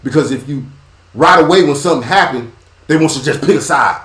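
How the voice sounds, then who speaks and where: Guy preaching on his sports podcast, kinda high voice, swings quiet to loud, echoey room. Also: fast. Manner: repetitive, rhythmic phrasing. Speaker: podcast host. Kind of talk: preachy sports commentary monologue.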